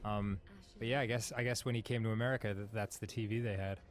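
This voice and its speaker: A man's voice: fairly low pitch, quick pace. A man telling stories in casual chat as a co-host, laughing often. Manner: laughing often, animated storytelling.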